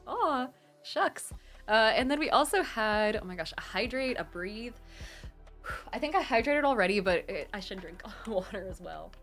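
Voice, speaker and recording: A woman's voice: on the high side, sing-song, normal speed, fairly bright tone, soft background music. A woman hosting a charity live stream, chatting casually and reading out her chat in a bubbly, gushing way as she thanks donors.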